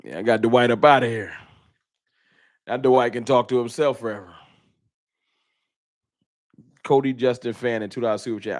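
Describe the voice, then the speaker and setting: A man's voice: medium pitch, brisk, no room sound, clean studio sound. A man hosting a casual fan livestream, reading super chats and venting with frustration and bursts of laughter. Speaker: fan channel host.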